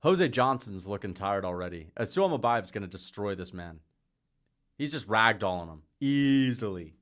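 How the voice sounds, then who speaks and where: A man hosting a casual livestream, chatting and calling fights, rambling from topic to topic, laughing often and getting excited at big moments. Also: lowish voice, normal speed. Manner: rambling, jumps between topics; laughs often mid-sentence. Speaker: livestream host.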